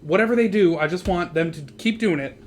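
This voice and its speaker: A man hosting a card game stream in casual chat, excitable, laughing often and swearing. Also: sits high, a little fast, slight background noise.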